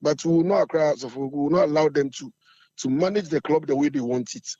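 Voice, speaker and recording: A Ghanaian man with a hoarse voice, the chairman of a supporters' group, talking in an assertive, fiery way in an interview. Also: a little high, lively intonation, fairly quick, mellow, no room sound, lo-fi sound.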